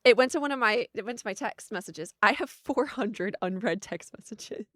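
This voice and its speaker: A woman streaming a game and chatting away to her viewers with a bright, fairly high voice. She laughs easily between remarks, and the sound is dry and close with no room around it. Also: animated, normal speed, no room sound. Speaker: livestreamer. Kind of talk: casual gaming stream chat.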